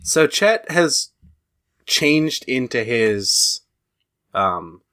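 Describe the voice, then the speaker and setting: Slow, animated man narrating a role-play. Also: mid-range voice. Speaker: player narrating his character. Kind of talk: improvised tabletop role-play.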